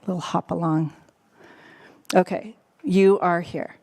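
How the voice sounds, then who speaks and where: A woman's voice: on the low side, steady tone, measured pace, a little mellow. A woman on a church's staff giving a casual, playful sermon to a live congregation, chatty and laughing often. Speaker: church staff member preaching.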